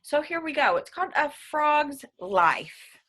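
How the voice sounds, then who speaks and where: A woman's voice: high voice, very animated, unhurried, pushed and bright. A woman teacher in a remote class lesson, chatting upbeat with her young students and reading a passage aloud. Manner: upbeat, chatty, addresses kids as friends.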